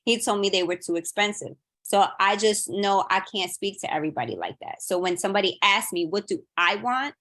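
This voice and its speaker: A woman in her thirties shares a story in a relaxed podcast chat, her voice bright and forward. She slips into the people she quotes, making them come alive as she goes. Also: mid-range voice, a little fast, few pauses. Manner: animated storyteller, acting out quotes. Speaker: audience member sharing a story. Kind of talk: casual chat.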